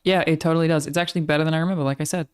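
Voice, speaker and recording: A woman's voice: low-pitched, steady tone, racing, smooth. An Australian woman streamer chatting casually with her live audience, swearing freely as she talks.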